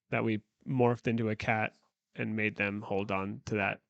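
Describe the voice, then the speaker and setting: A man's voice: lowish voice, fairly bright tone, dry recording. A man chatting casually on a live stream, rambling and joking as his sentences trail off, speaking into a handheld microphone at home. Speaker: stream co-host getting a haircut.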